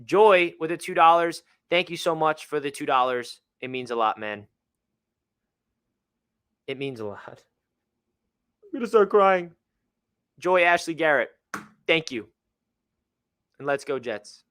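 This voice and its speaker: Bright-voiced young man ranting on a fan stream. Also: fairly high pitch, unhurried, long pauses, clear, resonant tone. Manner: emotional, reads out donor messages, swings between gloomy and fired-up. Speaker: livestream host. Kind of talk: live fan reaction stream.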